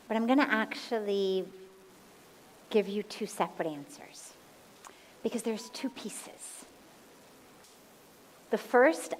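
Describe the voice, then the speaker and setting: Woman spiritual teacher, unhurried and calm, guides breathing, slow delivery. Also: medium pitch, poor audio. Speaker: spiritual teacher answering questions. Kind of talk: slow, gentle satsang talk. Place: satsang hall.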